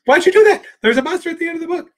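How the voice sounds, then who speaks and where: Grover, fretful little monster. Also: male voice, very high voice, expressive, rapid-fire, a little hiss or hum, voice pushed up. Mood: panicky. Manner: pleading, panicky squeals. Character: furry little blue male monster, nervous and fretful.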